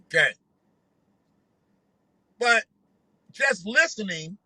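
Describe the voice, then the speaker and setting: A man's voice: high voice, expressive, very slow, bright, forceful tone, no echo, rough recording. A man hosting a casual reaction commentary, joking and talking loosely with some profanity. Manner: laughing, joking, loose and profane street talk. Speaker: commentary vlog host.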